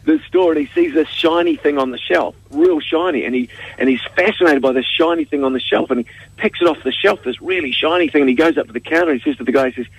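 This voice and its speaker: A man's voice: fairly high pitch, quick pace, slightly rough, no room sound, poor audio. A man with a New Zealand accent, a TV host chatting on the radio, who tells stories with animation and laughs often. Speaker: TV game show host, radio guest. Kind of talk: casual radio chat.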